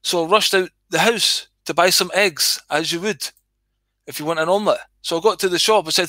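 Scottish guy reading his comedy skit, sweary and chatty, bright and a bit high, dry close sound. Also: fairly quick, dry recording. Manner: sweary, chatty, addresses viewers.

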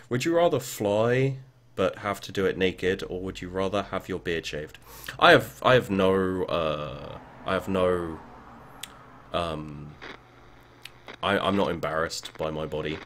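A man commentating a game as he plays, swearing often and bursting into yells and chanted words. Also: deep voice, a little hiss or hum. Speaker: gaming video creator. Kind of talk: let's play commentary.

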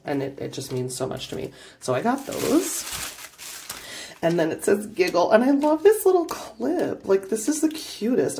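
Gushing, excitable woman unboxing art supplies. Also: low voice, a little hiss or hum. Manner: gushing, excitable, quick bursts of delight. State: standing up. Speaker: art YouTuber. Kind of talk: casual unboxing vlog.

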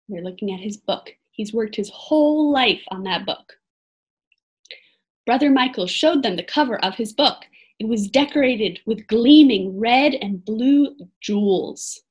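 A woman reading a storybook aloud as a lesson, expressive and stopping to ask children for predictions. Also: fairly high pitch.

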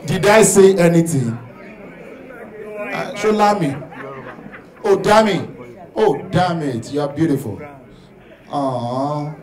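A man working as MC at a live comedy show, teasing the audience and shouting out introductions. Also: mid-range voice. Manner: lively, teasing crowd work, shouts introductions. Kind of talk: live stand-up MC banter. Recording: live venue with loud crowd.

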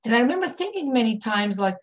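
A woman's voice: a little high, big pitch swings, fast talker. A woman in her fifties from Israel, a rebbetzin telling stories to a women's group, reminiscing with many fillers and restarts. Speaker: rebbetzin leading a women's class. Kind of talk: warm storytelling talk to a women's group.

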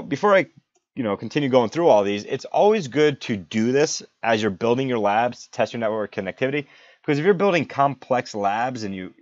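A man's voice: medium pitch, dry recording. Male tech instructor, casual and eager, dry close sound with a dull, muffled edge. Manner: chatty, enthusiastic, reads out numbers step by step. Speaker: network instructor. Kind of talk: screen-recorded software tutorial.

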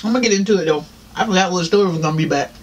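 A man's voice: high-pitched, very fast, a little hiss or hum. A man with a Southern US accent, chatting casually to viewers while eating on camera, laughing often and saying "y'all". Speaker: mukbang vlogger. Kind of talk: casual eating-show chat.

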